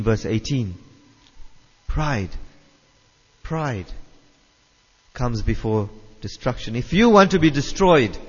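A man's voice: medium pitch, a little mellow. A man preaching a sermon, emphatic, repeating his phrases and putting questions to the listeners. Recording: dull reverberant hall sound.

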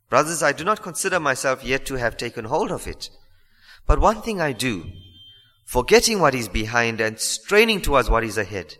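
In this sermon, a man with a medium-pitched voice speaks brightly and forcefully, earnest and full of emphasis. Rhetorical questions press at his listeners as his voice echoes through a church hall with a long reverb tail.

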